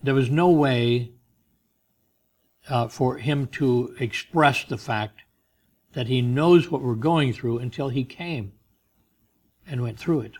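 Slow-speaking male preacher. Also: medium pitch. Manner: slow, emphatic preaching with soft asides. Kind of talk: sermon.

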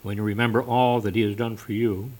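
A man preaching a sermon and telling a story, often coughing and clearing his throat. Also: on the low side, little pitch movement, a little fast, a little mellow.

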